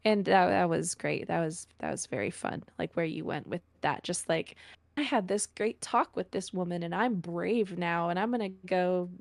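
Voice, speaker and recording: A woman's voice: on the low side, moderate pace, vocal fry, dry recording. A woman giving playful, meandering praise to fellow players after a tabletop session, hesitant and full of fillers. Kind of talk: casual post-session chat.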